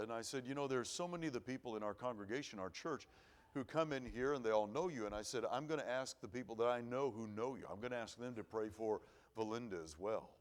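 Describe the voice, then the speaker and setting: A middle-aged man preaching in a church at an evening service. He tells a long personal story in an earnest, folksy way, often repeating words as he goes. His pitch sits in an ordinary middle range for a man. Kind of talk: sermon. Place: church auditorium.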